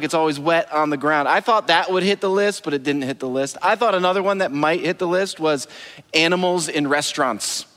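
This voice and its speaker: Joking pastor in a reverberant hall. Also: male voice, fairly high pitch, a bit bright. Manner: playful, joking, talks straight to the crowd. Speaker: lead pastor. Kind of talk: humorous sermon to a congregation. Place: church auditorium.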